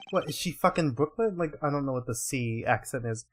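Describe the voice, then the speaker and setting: A man's voice: medium pitch, expressive, a little fast, few pauses. A man casually commenting during live gameplay, loose and rambling. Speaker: gaming streamer.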